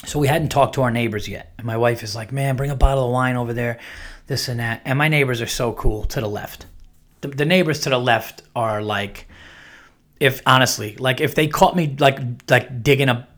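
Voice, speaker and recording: A man's voice: mid-range voice, moderate pace. Rambling male podcast host telling stories. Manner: rambling, animated, acts out quoted neighbors. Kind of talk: casual storytelling monologue.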